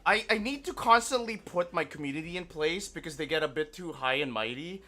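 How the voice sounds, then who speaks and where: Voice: medium pitch, animated, fairly quick, sharp tone, soft background music. A streamer hosting a collab in casual chat, playful and mock-boastful.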